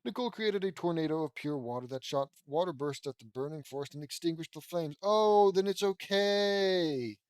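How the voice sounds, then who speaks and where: A man's voice: a little high, quick pace, few pauses, a little mellow, no room sound. Sarcastic man mocking a story. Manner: sarcastic, swears freely, laughs at the text. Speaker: audiobook reader. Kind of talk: reading fan fiction aloud with sarcastic commentary.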